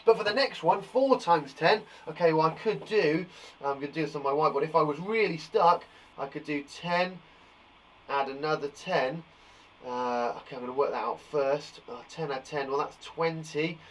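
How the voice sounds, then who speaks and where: A male teacher talks young children through their times tables in a live lesson. His voice is on the higher side, and he keeps reassuring them as he counts along. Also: normal speed, a little hiss or hum, rough recording. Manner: encouraging, chatty and reassuring. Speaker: primary school teacher.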